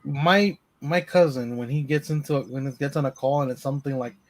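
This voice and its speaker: A man's voice: medium pitch, brisk. A man chatting casually on a livestream in loose, rambling sentences. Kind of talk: casual chat.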